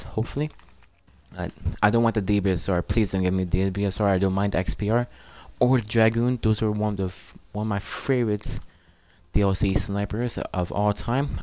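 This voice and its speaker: A man with a lowish voice gives casual game commentary for his channel. He is eager and pleading and keeps turning to his viewers as "guys". The sound is dry and close, with no room around it. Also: a little mellow, no echo. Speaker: gaming channel host.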